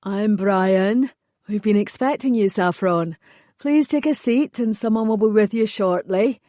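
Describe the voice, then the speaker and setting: A woman's voice: medium pitch, unhurried, mellow, no echo, studio quality, natural voice. A woman narrator voicing a friendly young male fairy receptionist who speaks politely and kindly.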